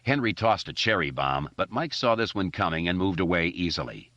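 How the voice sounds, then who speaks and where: Deep-voiced man reading an audiobook. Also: a little fast, no echo. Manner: expressive, steady reading. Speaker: audiobook narrator. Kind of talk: scripted narration. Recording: dry, dull lo-fi recording.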